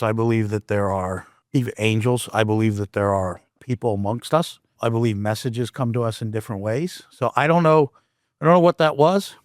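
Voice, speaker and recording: A man's voice: medium pitch, no echo, clean studio sound. A man hosting a podcast, telling a personal story casually and animatedly, often restarting his sentences. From Canada. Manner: animated, with frequent restarts and asides. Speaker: podcast host.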